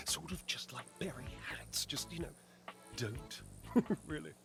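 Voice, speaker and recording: A man's voice: fairly high pitch, slow pace, gravelly. An actor playing a verbose, theatrical man in a dating game, melodramatic and self-pitying, heard over game music. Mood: pleading.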